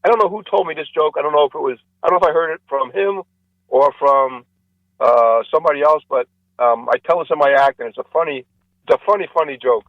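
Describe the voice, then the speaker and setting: Male comedian guest, lively joke-teller, muffled dry radio audio. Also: fast talker, no echo. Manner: animated joke-telling, acts out characters with rising pitch. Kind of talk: radio interview storytelling. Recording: dull lo-fi radio sound, dry.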